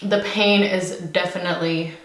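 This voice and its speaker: A woman's voice: on the low side, steady tone, normal speed, reverberant, slight background noise. A woman from California talking frankly in a casual mukbang chat, full of fillers. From California, USA. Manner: chatty, frank, many fillers. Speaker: beauty vlogger.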